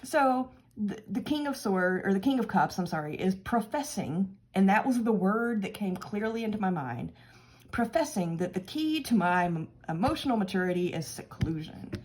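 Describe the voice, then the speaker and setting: A woman's voice: mid-range voice, darkish tone, slightly rough. A woman hosting her own tarot channel, chatting casually and laughing as she talks through a card reading.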